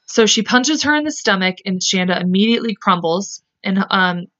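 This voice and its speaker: A woman's voice: medium pitch, lively intonation, normal speed, a bit bright. A woman hosting a podcast, casually recounting a true-crime case, rambling and correcting herself, swearing freely. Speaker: podcast host. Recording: dull lo-fi podcast audio.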